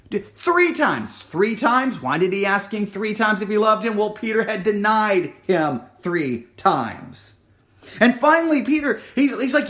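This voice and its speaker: A man with a notably high voice delivers a sermon. He reads scripture and retells it with dramatic swings, sinking to hushed, drawn-out words and rising again for emphasis. He often restarts and repeats words as he preaches. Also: sing-song. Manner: dramatic, drops to near-whisper for emphasis, then rises.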